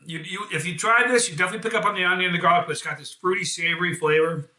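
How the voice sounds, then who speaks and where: A man's voice: high voice, steady tone, racing, bright, forceful tone, echoey room. A man from the United States hosting a casual live hot sauce review, chatty and enthusiastic, with self-deprecating jokes.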